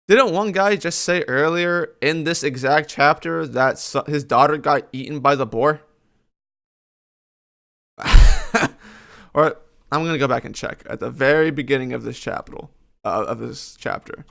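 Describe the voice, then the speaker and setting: Male streamer, gravelly voice, sarcastic live reaction commentary. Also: fairly high pitch, unhurried, fairly bright tone. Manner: sarcastic, critical, reads dialogue aloud. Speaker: streamer reacting to a comic chapter.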